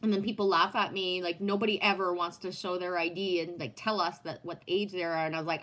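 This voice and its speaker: A woman's voice: mid-range voice, sing-song, fairly quick, a bit bright, low-quality recording. A woman in her fifties chatting casually on a live stream, swearing freely, laughing often and reading viewer comments aloud. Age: 50s. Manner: profane, laughs often, reads chat aloud.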